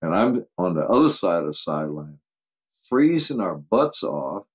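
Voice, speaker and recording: Deep-voiced older man telling stories. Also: moderate pace, husky, low-quality recording. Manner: animated anecdotes, acts out quoted voices, laughs often. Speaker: football coach guest. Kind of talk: casual storytelling interview.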